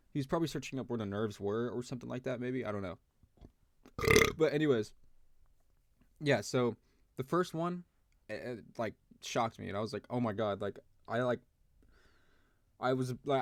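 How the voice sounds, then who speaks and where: A young man tells a personal story in a loose, rambling way, full of fillers and restarts. His voice sits at an ordinary pitch. The sound is dry and close, with no room echo. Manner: rambling, filler-heavy, says "bro" and "like". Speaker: vlogger. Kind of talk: casual storytime.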